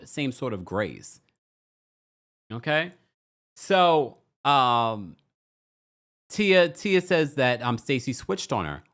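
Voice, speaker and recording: Animated man recapping reality TV. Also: medium pitch. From United States. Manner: animated, acts out quotes in mocking voices. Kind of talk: casual commentary recap.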